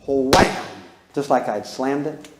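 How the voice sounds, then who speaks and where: A man's voice: medium pitch, slow pace, echoey room, very noisy. A man in his eighties teaching a parenting class, telling plain-spoken stories about his own childhood and putting questions to his audience. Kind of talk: folksy storytelling lecture.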